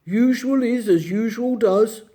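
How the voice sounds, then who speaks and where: A huge bear gatekeeper from a storybook, gruff and courteous, mildly scolding, played by a woman reading aloud, pitched a little higher than her narration. The tone stays mellow and soft-edged. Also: measured pace, close to an everyday voice.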